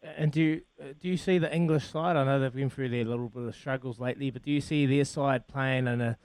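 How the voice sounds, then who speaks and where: A man's voice: mid-range voice, steady tone, fast talker, darkish tone, clean tone, dry recording. A man interviewing a rugby player, asking long, loosely worded questions and calling him mate. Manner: long rambling questions, calls the guest mate. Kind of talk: casual interview chat.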